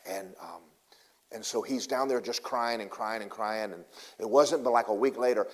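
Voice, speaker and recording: A man preaching a sermon in a casual, folksy way, telling a story and swinging between loud bursts and hushed asides. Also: lowish voice, normal speed.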